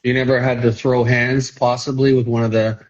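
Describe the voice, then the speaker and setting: A man hosting a podcast, asking questions in a relaxed way and murmuring while he listens. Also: medium pitch, normal speed, dull audio, a loud crowd. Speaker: podcast host. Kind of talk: casual interview.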